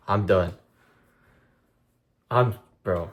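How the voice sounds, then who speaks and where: A man's voice: on the low side, moderate pace, narrow, tinny audio. Profane, intense young man venting. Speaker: streamer. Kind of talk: casual vlog monologue to chat.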